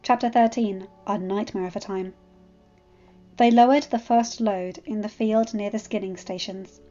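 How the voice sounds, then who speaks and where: A woman narrating a fan fiction story as a storybook reading, with expressive delivery. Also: mid-range voice, moderate pace. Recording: slightly muffled, faint background music.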